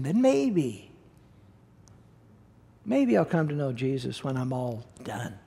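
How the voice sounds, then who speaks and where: A male pastor delivers a sermon in a noticeably high voice, pressing his points home by repeating key words. His talk is emphatic yet conversational, with plain asides to the congregation. The sound carries the long reverb of a church hall. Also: expressive, takes it slowly, gravelly, long pauses, mellow, breathy edge.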